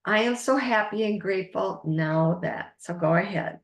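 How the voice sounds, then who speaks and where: A woman's voice: medium pitch, moderate pace, echoey room. A woman life coach leading a masterclass, earnest and encouraging as she guides the listener through exercises.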